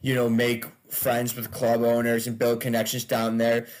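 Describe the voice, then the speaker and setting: A man's voice: mid-range voice, completely flat delivery, normal speed, a little mellow. A man, a stand-up comedian, chatting casually as a podcast guest, loose and laughing, with frequent swearing.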